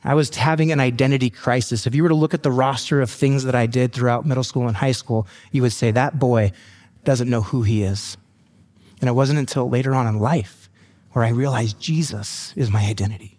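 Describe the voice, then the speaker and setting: Brisk and mid-range in voice, this man in his forties is a pastor giving his testimony during a sermon. He pokes fun at himself and throws in lively asides.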